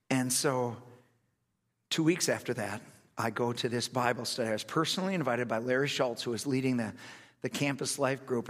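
Animated male preacher in a reverberant hall. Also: mid-range voice. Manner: animated, acts out quotes, laughs at himself. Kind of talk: sermon storytelling.

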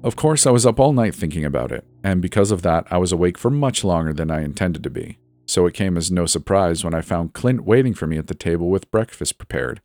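A man reading a first-person horror story in a measured, suspenseful scripted narration. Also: low-pitched, lively intonation, dry recording. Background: soft background music.

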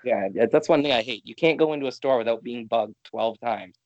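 A man's voice: mid-range voice, brisk, a little mellow, dry recording, highs cut off. A man from Canada co-hosting a podcast, chatting casually and ranting with exasperation. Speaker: podcast co-host. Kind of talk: casual chat.

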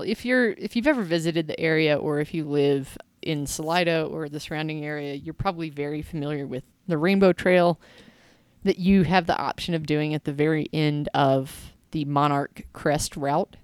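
A woman's voice: low voice, moderate pace, clean tone, no room sound. A woman co-hosting a casual podcast who laughs easily and tells rambling stories. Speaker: podcast co-host. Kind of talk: casual chat.

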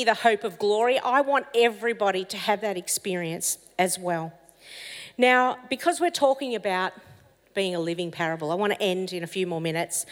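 A woman of Italian heritage preaching a sermon, telling stories in an animated, expressive way. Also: fairly high pitch. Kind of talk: storytelling sermon. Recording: long hall reverb.

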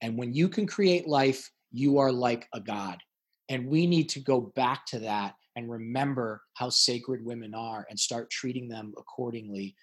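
Intense, husky man telling his story. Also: mid-range voice, unhurried. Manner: intense, emphatic, repeats words when worked up. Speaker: podcast guest. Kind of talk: emotional interview talk.

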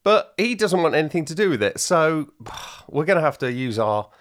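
Low-voiced rambling woman. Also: big pitch swings, moderate pace. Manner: long-winded, rambling storyteller. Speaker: podcast co-host. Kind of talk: casual chat.

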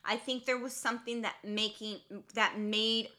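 Bright chatty woman co-host, thirties, telling a spooky story casually. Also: fairly high pitch, steady tone, moderate pace. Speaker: podcast co-host. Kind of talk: casual chat.

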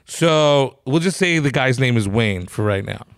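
A man's voice: mid-range voice, measured pace, clear, resonant tone, no echo. A man hosting a casual podcast, telling a profane comedy-club story and acting out the quotes. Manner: animated, profane, acts out quotes.

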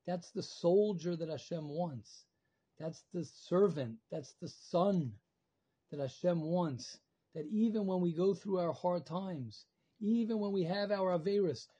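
Man, storytelling sermon, mellow tone, husky, animated, repeats himself for emphasis. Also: unhurried. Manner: animated, rises loud and high then drops soft. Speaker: rabbi teaching alumni.

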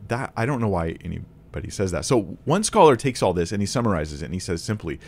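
A man's voice: sits low, sing-song, fast talker, gravelly, darkish tone. A man teaching a Bible lesson to camera in a casual, conversational way, thinking aloud with restarts and small laughs.

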